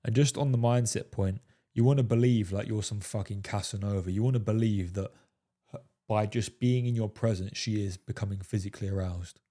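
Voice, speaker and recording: Delivered fairly quickly in a low, mellow, dark voice, this coaching monologue comes from a dating coach speaking to his viewers. He's emphatic, curses freely, and tags his points with "fellas" and "right?".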